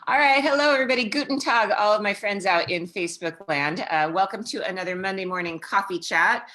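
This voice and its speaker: A woman's voice: medium pitch, brisk, sharp tone. A woman hosting a casual video call chat, upbeat and chatty with many fillers. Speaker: host.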